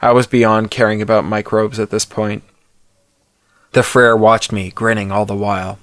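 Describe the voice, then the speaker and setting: A man narrating a first-person story in a steady, wry reading. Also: lowish voice, no echo, clean studio sound. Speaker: audiobook narrator.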